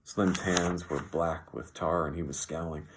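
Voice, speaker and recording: A man reading an audiobook as narrator in an even, measured way. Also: low voice, background noise. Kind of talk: scripted narration.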